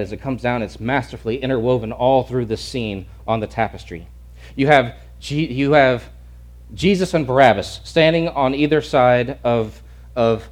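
In a mid-range voice, this man preaches a theatrical sermon, acting out the scene as he goes. His delivery lurches from shouting to near-whispers, and he repeats words for effect.

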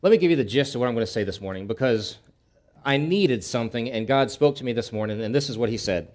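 A man's voice: medium pitch, lively intonation, fast talker, a little mellow. A man preaching as a pastor, opening with a folksy anecdote and talking in a plain, conversational way with frequent restarts and repeated words. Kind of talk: sermon.

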